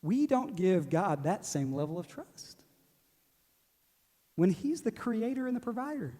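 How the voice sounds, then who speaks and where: A man's voice: sits high, lively intonation, unhurried, warm tone. A man, preaching a sermon in a joking, self-deprecating way and laughing often. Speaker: pastor. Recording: long hall reverb.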